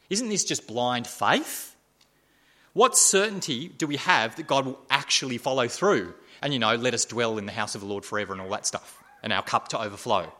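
A man preaching a sermon, asking repeated rhetorical questions and swinging between loud emphasis and hushed asides. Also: mid-range voice.

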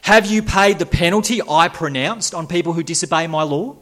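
A preacher voicing the law of God as a stern, accusing talking scroll. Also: male voice, on the high side, brisk, a bit bright, pitched above the performer's own voice, lightly acted. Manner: accusing, demanding questions.

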